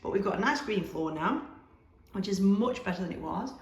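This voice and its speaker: A woman's voice: mid-range voice, animated, brisk. A woman, chatting in a rambling, easy way as she films a casual video diary inside her small shop. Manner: chatty, rambling, laughs easily. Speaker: shop owner vlogger. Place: small shop being renovated, indoors. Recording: echoey bare room.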